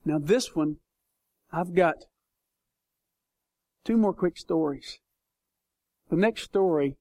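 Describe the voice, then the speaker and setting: Male pastor, high-pitched, dry close sound, animated sermon storyteller. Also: vocal fry, dry recording. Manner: animated storytelling, acts out voices.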